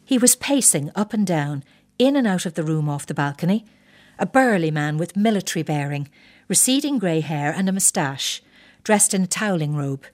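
Older woman, narrator, wry measured storytelling, somewhat low voice. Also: expressive, a little mellow. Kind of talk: reading a personal story.

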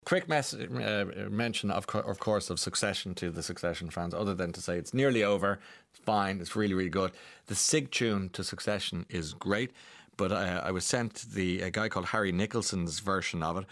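A man hosts a radio chat, rambling on with restarts and asides. His voice sits on the low side. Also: moderate pace, gravelly, fairly bright tone. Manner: rambling, chatty, many restarts and chuckles. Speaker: radio host. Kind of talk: casual chat.

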